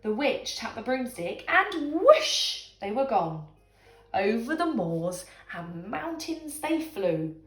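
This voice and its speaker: A woman reading a bedtime story aloud in a dramatic, animated way, dropping into whispers, in an echoey room with faint music. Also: on the high side, slow pace.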